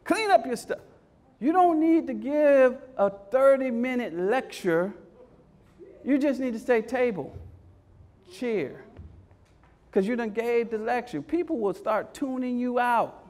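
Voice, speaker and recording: Male workshop speaker, strikingly high voice, preacherly call-and-response, hammers repeated lines. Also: animated, measured pace, a little mellow. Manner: call-and-response, repeats phrases, keeps asking "Hello?". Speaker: education speaker leading a parent workshop. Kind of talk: energetic motivational workshop talk.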